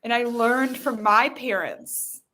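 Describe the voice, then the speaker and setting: A woman's voice: on the high side, slow, pushed and bright. A woman hosting a podcast, guiding listeners through an emotional release exercise in a pleading, repetitive way. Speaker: podcast host.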